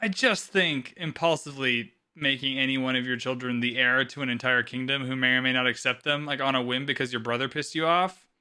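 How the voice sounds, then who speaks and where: A man's voice: medium pitch, steady tone, fairly quick, bright, forceful tone, smooth. A man co-hosting a podcast, talking casually and swearing freely as he gives his opinions. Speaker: podcast co-host.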